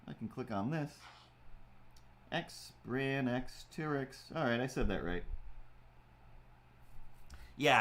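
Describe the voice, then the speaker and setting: A livestream host chats casually as he draws, rambling and using plenty of filler words. His voice is mid-range with a fairly bright tone.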